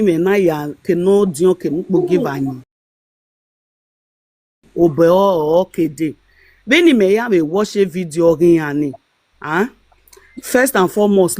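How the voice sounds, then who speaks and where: A woman's voice: on the low side, darkish tone, no echo. Nigerian woman, live-stream host, emphatic and rambling, dry close mic. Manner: rambling, emphatic, full of fillers. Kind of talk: casual live-stream commentary.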